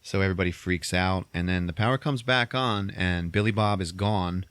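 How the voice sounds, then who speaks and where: Male podcast host, deep voice, dry sound, animated profane storyteller. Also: normal speed, clear, resonant tone, dry recording. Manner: animated storytelling, swearing, acting out characters in squeaky voices. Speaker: podcast host recapping a movie. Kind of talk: casual chat.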